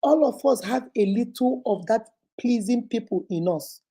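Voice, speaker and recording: A woman's voice: a little high, animated, normal speed, dark tone, breathy edge. A woman with a Nigerian accent giving emphatic, repetitive motivational advice as the host of her own show.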